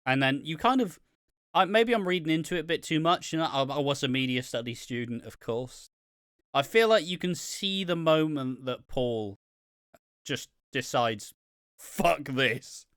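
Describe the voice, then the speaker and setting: A man's voice: a little high, expressive, moderate pace, a bit bright, clean tone, no room sound, studio quality. A man co-hosting a casual podcast chat, sarcastic and profane, with mock enthusiasm. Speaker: podcast co-host. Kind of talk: casual chat reviewing wrestling.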